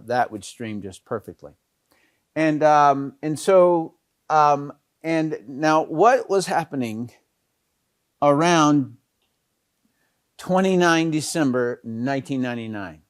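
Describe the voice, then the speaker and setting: A man's voice: medium pitch, dry recording, clean studio sound. A middle-aged man giving a casual network marketing talk, storytelling with many fillers and restarts.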